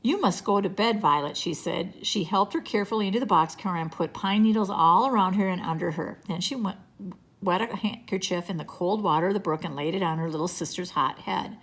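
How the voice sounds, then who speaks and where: A woman reading a children's chapter book aloud in a gentle, unhurried storytelling manner. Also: fairly low pitch. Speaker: reader.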